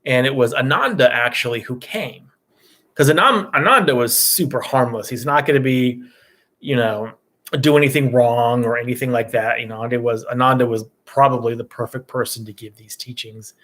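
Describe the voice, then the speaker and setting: A man's voice: medium pitch, moderate pace. Male meditation teacher, easygoing storyteller, loose conversational dharma talk. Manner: relaxed, loose, with many "you know" and "right?" tags.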